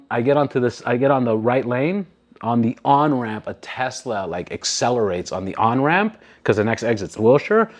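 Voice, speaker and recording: A man with a mid-range voice tells a long story during a casual podcast conversation. He's animated, swears freely, and acts out what other people said.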